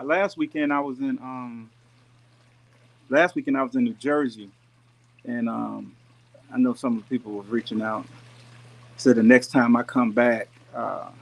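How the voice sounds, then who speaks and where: A man talks to his live-stream viewers in an easygoing, folksy drawl, speaking straight to the people watching. He sounds relaxed and unhurried, as if chatting with friends while on the road. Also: medium pitch, vocal fry. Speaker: YouTube gardening channel host. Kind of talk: casual live-stream chat. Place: rented house with pool and jacuzzi. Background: pool and jacuzzi noise.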